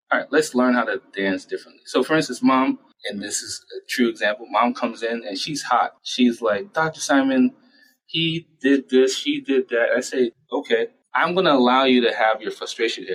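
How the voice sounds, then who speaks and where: A man speaking as a child psychiatrist in an interview, explaining his work in a lively way and acting out parents and teens in short quoted asides. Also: mid-range voice, breathy edge, rough recording. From United States. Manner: animated, acts out parents and patients in quick quoted asides. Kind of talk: conversational interview answers.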